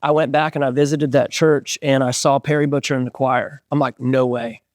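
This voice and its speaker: A man in his forties, a band singer, telling stories in an animated way as an interview guest and acting out the voices of people he quotes. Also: medium pitch, fairly quick, no echo, clean studio sound. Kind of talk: casual storytelling interview.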